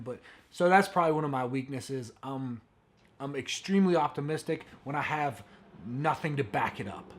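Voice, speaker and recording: Young male host, slightly high voice, playful and teasing. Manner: joking, teasing, laughs often. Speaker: podcast host. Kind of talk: casual chat.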